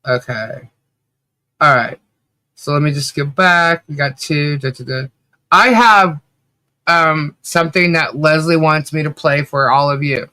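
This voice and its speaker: A woman's voice: low-pitched, unhurried, no echo. A woman co-hosting a podcast, chatting casually and laughing often as she tells stories. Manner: animated, laughs often while telling stories. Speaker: podcast co-host. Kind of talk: casual chat.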